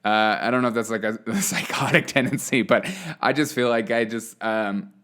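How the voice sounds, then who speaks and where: A man's voice: medium pitch, fairly even intonation, moderate pace, pushed and bright. A man hosting his own show, talking through his views in a rambling monologue full of fillers and restarts. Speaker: show host. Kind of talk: casual opinion monologue.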